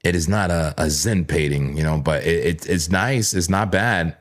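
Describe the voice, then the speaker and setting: A man with a low, deep voice hosts a casual live trading stream. He chats playfully with his viewers, repeats words and corrects himself as he goes, and keeps up a loose, conversational flow over his charts. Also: moderate pace. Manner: playful, chatty, talks straight to chat viewers. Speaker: livestream crypto trading host.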